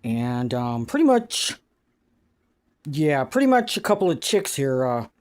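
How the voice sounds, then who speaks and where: A man doing a slow, mock-formal announcement, reading off a naughty list. His pitch swoops widely as he scolds each name with theatrical solemnity, drawing every line out. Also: very animated, a little mellow.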